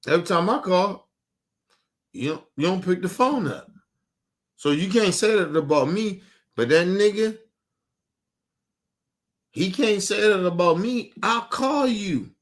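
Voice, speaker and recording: A man ranting heatedly and profanely on a casual stream as its host, repeating himself and swinging from loud bursts to low mutters. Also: lively intonation, unhurried, pauses often.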